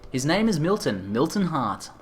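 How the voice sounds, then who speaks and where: A man's voice: on the high side, very animated, moderate pace, breathy edge, voice pushed up. A man voicing a worried young woman who is asking for help finding her lost brother, in a subdued attempt at a female voice. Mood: worried pleading. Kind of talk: reading game dialogue aloud in voices.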